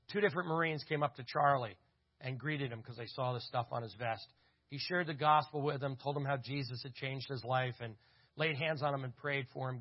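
A man's voice: mid-range voice, muffled recording. A man speaking at a church conference, teaching through stories with lots of quoted back-and-forth dialogue and references to photos.

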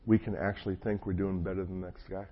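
A man's voice: low voice, level tone, quick pace, slightly rough. A man from New Jersey, a pastor, preaching in a loose, conversational way with storytelling asides and a frog in his throat. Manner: folksy, self-deprecating storytelling with many asides. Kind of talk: conversational sermon. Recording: muffled lo-fi audio with faint hum.

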